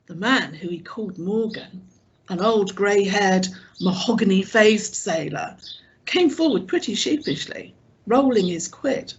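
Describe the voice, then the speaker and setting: Slow, lively woman audiobook reader. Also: medium pitch, slightly rough, highs cut off. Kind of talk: audiobook narration.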